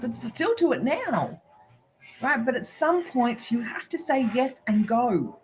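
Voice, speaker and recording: A woman's voice: on the high side, expressive, unhurried, slight background noise, rough recording. A woman who is a spiritual business coach, giving a live video reading in an emphatic, preachy way. She keeps asking "right?", giggles often and swears now and then.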